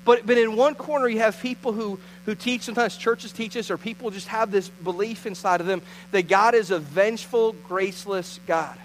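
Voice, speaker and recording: A man's voice: sits high, moderate pace, hardly any pauses, slight background noise, poor audio. A man pastor giving a conversational sermon, telling a story with frequent restarts.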